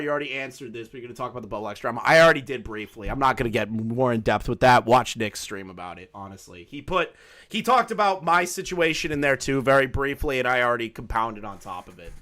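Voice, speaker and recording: A man's voice: medium pitch, fairly bright tone. A man doing live-stream commentary, ranting with lots of swearing and frequent laughter. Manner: profane, ranting, laughs often.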